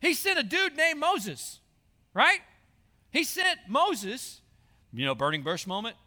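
A man, a high school pastor, preaching an earnest sermon that repeats its key lines. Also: big pitch swings, slow pace, sharp tone, long reverb tail. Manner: earnest, repetitive preaching, addresses listeners as y'all.

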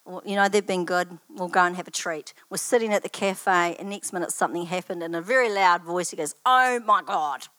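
A woman's voice: on the low side, steady tone, fairly quick, hardly any pauses, fairly bright tone, dry recording. An older woman giving a personal testimony at church, telling stories in a chatty, anecdotal way with asides.

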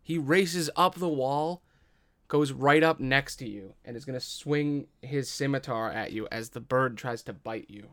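A man narrating as game master of a tabletop game, measured and deliberate, with the odd swear. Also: mid-range voice, fairly bright tone.

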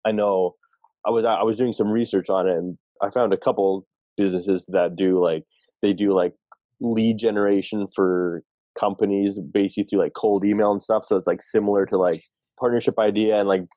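A man's voice: fairly low pitch, fairly even intonation, moderate pace, mellow, no room sound. A man on a team talking through ideas in a meeting, hesitant and full of restarts. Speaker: team member. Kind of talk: casual meeting discussion.

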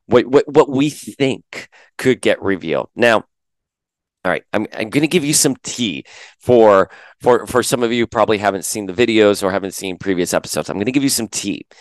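A man hosting a fan podcast, chatting casually to viewers in an animated way and often restarting his words. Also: lowish voice, moderate pace, no echo. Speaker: podcast host. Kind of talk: casual chat to camera.

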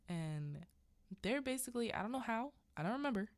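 A woman's voice: fairly high pitch, expressive, brisk, no echo. A woman hosting a podcast who recaps a film in a casual, rambling way, full of unsure asides. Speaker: podcast host.

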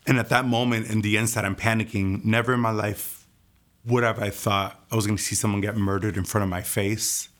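A young man telling his personal testimony in a hushed, intense way, his voice often dropping almost to a whisper. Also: fairly low pitch, flat delivery, brisk. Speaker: testimony speaker.

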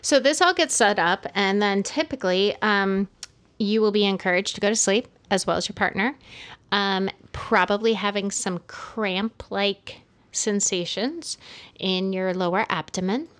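A woman's voice: medium pitch, unhurried, a bit bright. A woman co-hosting a casual podcast chat, walking through each step steadily with many "um"s.

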